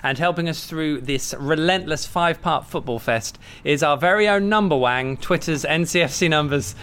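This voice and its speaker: A man's voice: on the high side, normal speed, a bit bright, clear, resonant tone. Jovial man hosting a football podcast. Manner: jovial, laughs often. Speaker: podcast host. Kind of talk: casual football podcast chat. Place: café.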